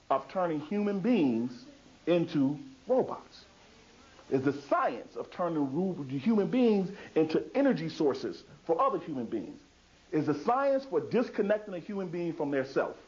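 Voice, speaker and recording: A man's voice: sits high, darkish tone. A man giving a public lecture in an emphatic, repetitive way, asking rhetorical questions and answering them himself. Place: lecture hall. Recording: dull lo-fi 2000s video recording.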